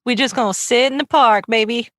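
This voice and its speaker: A woman's voice: a little high, fairly even intonation, a little fast, a bit bright, no room sound, studio quality. A woman chatting casually as a podcast guest, giggly and self-mocking. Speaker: guest cohost.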